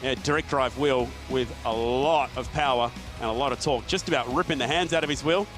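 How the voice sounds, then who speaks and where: A man commentating a sim racing event in a chatty, energetic way. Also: medium pitch, a little fast, music in the background. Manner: energetic, chatty, laughs often. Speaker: esports race commentator. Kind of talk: sports commentary.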